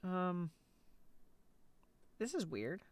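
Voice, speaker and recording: A man's voice: high voice, huge pitch swings, extremely slow. Laid-back joking male streamer. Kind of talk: casual live-stream commentary.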